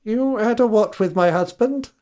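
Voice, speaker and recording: A man's voice: sits high, moderate pace, darkish tone, pitched above the performer's own voice, natural voice. A man voicing a suspicious middle-aged woman householder in a tabletop game, wary and curt. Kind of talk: tabletop game role-play.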